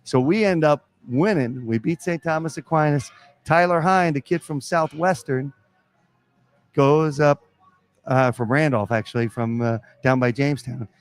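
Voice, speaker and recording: A man who coaches college basketball, telling lively stories in a live podcast interview at a pizza restaurant. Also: a little high, a little slow, smooth. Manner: animated storyteller acting out quotes.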